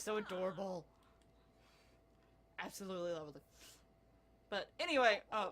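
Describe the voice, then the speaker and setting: This young woman commentates her life-simulation gameplay at a normal speed and medium pitch, pausing often. She keeps it casual, giggly and excitable, chatting with lots of laughter.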